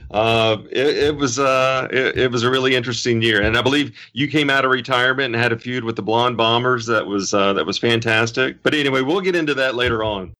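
A man co-hosts a podcast with a bright, pointed voice. He talks casually and rambles, with frequent restarts. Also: medium pitch, brisk, few pauses. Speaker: podcast co-host. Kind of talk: casual chat.

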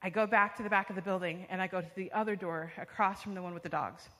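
A woman's voice: lowish voice, steady tone, fast talker, fairly bright tone. A young woman telling her personal testimony to a church congregation, a vivid storyteller with frequent fillers. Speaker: church member giving testimony. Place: church sanctuary. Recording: long reverb of a large hall.

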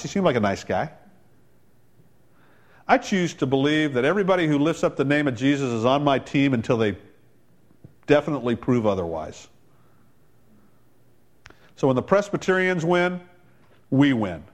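A male pastor preaching a sermon, quoting people in quick voiced asides and building to loud, emphatic climaxes. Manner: preaching with dramatic rises in pitch and volume; quotes others in voiced asides.

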